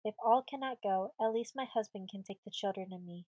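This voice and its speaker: A woman's voice: medium pitch, fairly quick, warm tone, dry recording, close to an everyday voice. A woman voicing a timid, frightened settler wife who pleads in a sobbing voice. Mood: pleading.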